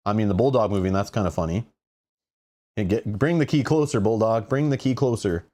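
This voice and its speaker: A man with a somewhat low voice talks his way through a solo board game on a live stream. He reads rules aloud and chats with viewers in an excitable, thinking-aloud manner. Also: brisk.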